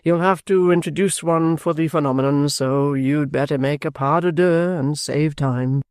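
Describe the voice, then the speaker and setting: Guy doing a fussy anxious actor, high and whiny, dry close mic. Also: fairly even intonation, moderate pace, a little mellow, clear, resonant tone, no room sound, close to an everyday voice. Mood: fretful.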